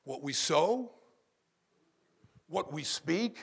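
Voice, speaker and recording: A man's voice: fairly high pitch, very animated, takes it slowly, vocal fry, long pauses, breathy edge. A middle-aged man preaching a sermon in a church, calling out to the congregation and building to emphatic peaks. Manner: call-and-response preaching, rising to emphatic peaks. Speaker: pastor.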